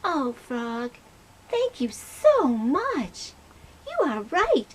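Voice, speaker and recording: A woman voicing a gentle pig puppet who loves surprises, talking slowly and wonderingly in a children's puppet skit. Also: sits high, wildly swooping pitch, exaggerated voice, rough recording. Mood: puzzled.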